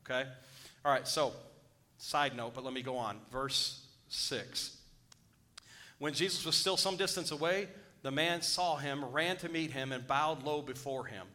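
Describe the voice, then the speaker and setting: Speaking a little slowly at medium pitch, the pastor sounds pushed and bright. He alternates between reading scripture aloud and breaking off to exhort the congregation, rising to urgency.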